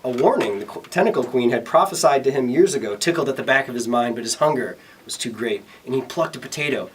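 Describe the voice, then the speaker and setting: A man's voice: medium pitch, lively intonation, quick pace, slightly rough. A man reading comic fan fiction aloud in an amused, giggly way. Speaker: reader. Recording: distant, noisy home recording.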